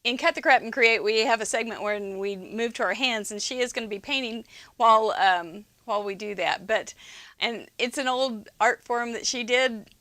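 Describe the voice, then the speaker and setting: A woman's voice: fairly high pitch, normal speed, sharp tone, no echo. A woman hosting a video podcast, chatting casually with her guest and laughing often. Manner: chatty, laughs often, jokes about the old days. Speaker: podcast host. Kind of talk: casual interview chat.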